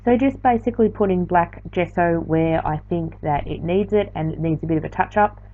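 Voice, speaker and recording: This art journaling teacher has a fairly low pitch and talks a little fast. Tired and casual, she rambles through a late-night craft tutorial voiceover, often correcting herself, and the audio is slightly dull and lo-fi.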